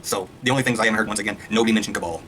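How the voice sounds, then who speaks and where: A man reviewing a trailer in a casual, excitable rant, swearing freely and firing off points at speed. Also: lowish voice, slight background noise. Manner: excitable, profane, rapid-fire ranting. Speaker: video reviewer.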